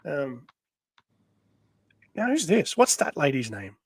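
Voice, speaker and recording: A man's voice: fairly high pitch, huge pitch swings, takes it slowly, creaky, slightly rough, no room sound. Rambling male host. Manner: rambling, full of ums and laughs. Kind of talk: casual live-stream chat.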